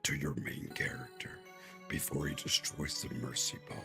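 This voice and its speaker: Guy doing a huge snorting monster voice, gravelly growl way down low. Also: level tone, normal speed, over music. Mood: soft, breathy.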